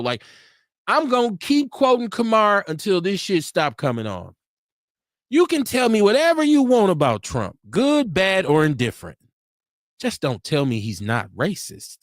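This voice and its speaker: A man's voice: high-pitched, no echo, clean studio sound. A man co-hosting a casual live-stream chat, blunt, joking and profane.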